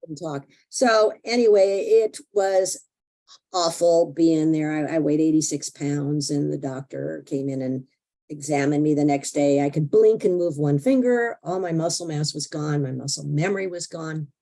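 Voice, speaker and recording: Older lady guest telling her story, lively and expressive, voice jumps up when she acts out her thoughts. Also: low-pitched, moderate pace. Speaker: interview guest. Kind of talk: emotional personal storytelling.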